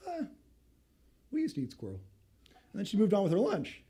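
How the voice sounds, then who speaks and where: A man's voice: high voice, fairly quick, breathy edge. A middle-aged male pastor preaching a sermon, telling stories and acting out the voices he quotes. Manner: storytelling, acts out quoted voices, animated.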